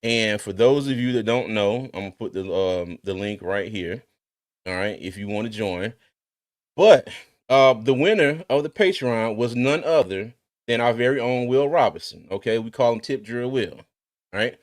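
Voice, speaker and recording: A man hosting a casual sports talk livestream, animated and laughing as he reads out viewer comments. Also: mid-range voice, moderate pace. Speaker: podcast host. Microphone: streaming mic.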